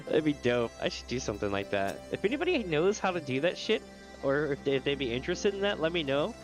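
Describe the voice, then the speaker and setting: A man's voice: on the high side, very animated, fast, soft background music. A male streamer with a stuffy nose, chatting casually on a live game stream, rambling, swearing freely and laughing often. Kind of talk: casual livestream chat.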